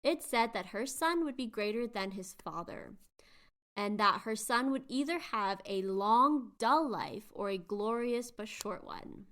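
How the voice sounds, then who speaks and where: A woman's voice: fairly high pitch, animated, a little slow, fairly bright tone. A woman hosting a podcast, chatting animatedly as she retells myths with quiz-like asides. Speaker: podcast host. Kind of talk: casual chat retelling myths.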